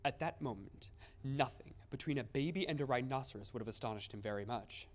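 An announcer reading a sponsor message and narrating a stage radio play in a measured storytelling delivery. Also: medium pitch. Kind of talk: scripted narration and sponsor read.

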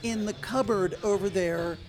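A woman telling a workplace anecdote in casual chat, animated and quick to laugh. Her pitch is mid-range. Music plays clearly behind her. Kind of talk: casual storytelling.

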